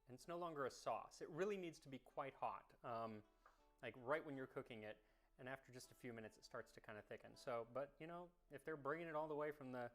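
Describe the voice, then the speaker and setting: Male cooking-history host, mid-pitched, chatty, tastes as he talks, keen on old stories. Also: a bit bright. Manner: chatty, thinks aloud while tasting; curious, enthusiastic about history. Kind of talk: tasting commentary to camera.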